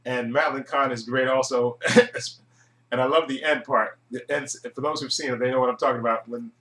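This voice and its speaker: A man giving a casual, rambling movie review monologue, chuckling often and filling pauses with "uh". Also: mid-range voice, steady tone, pushed and bright. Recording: echoey room.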